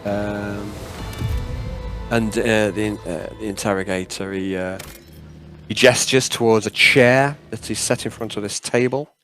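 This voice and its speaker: A man narrating as game master of a tabletop game, halting and full of fillers. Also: on the low side, steady tone, a bit bright, faint music behind. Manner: halting, many fillers, laughs at himself.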